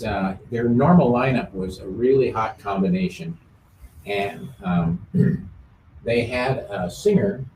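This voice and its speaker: A man hosting a music show in casual chat, easygoing, with many filler pauses. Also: on the low side. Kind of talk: casual chat about old songs. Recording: roomy sound from a distant mic.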